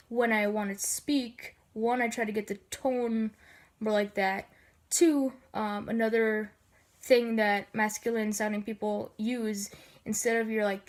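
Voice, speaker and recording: Sniffly woman with a light gravel in her lower register, hesitant, um-filled casual tutor, voice sits a bit high. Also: darkish tone. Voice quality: slightly gravelly low register. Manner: hesitant, many filler ums. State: sniffly from allergies.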